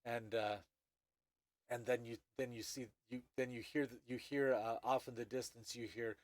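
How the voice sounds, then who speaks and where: A man narrating as game master, halting with many restarts. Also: mid-range voice, fairly even intonation, no room sound.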